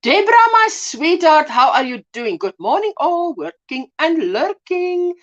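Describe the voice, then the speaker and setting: A woman's voice: a little slow, highs cut off. A South African woman hosting a casual crochet livestream, chatty and gushing as she greets viewers. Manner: chatty, gushing, lively swings in pitch. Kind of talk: casual live chat.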